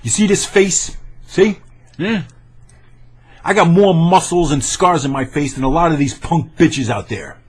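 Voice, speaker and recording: A man's voice: fairly high pitch, unhurried, slightly rough. A brash man rants to camera in a rambling webcam monologue, often stammering and restarting. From New York area. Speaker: video blogger.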